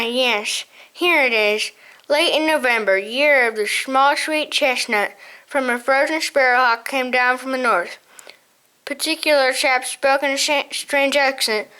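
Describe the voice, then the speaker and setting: A woman's voice: high-pitched, a little slow, sharp tone, clear, resonant tone. A woman voicing a frail ancient male mouse who keeps records, muttering and doddering as he talks. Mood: recounting.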